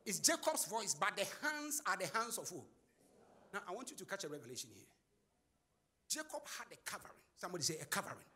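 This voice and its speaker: A male preacher with a high, sharply bright voice and a gravelly edge, preaching in call-and-response style. He swings his pitch widely, shouting and chanting phrases at the congregation while faint music plays beneath. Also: sing-song, fast. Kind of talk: sermon.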